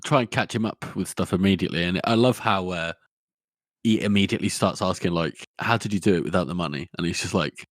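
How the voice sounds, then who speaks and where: A man co-hosting a podcast, laughing often and acting out book scenes in high, excited voices. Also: brisk, no echo, studio quality. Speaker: podcast co-host. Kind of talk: casual book discussion.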